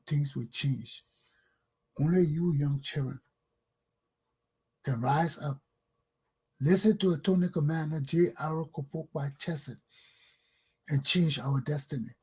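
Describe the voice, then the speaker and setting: A Liberian man with a high, husky voice rants as a talk show host. He scolds his listeners and keeps circling back to the same complaints with rising anger. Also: mellow. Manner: angry, scolding, repetitive. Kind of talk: ranting monologue.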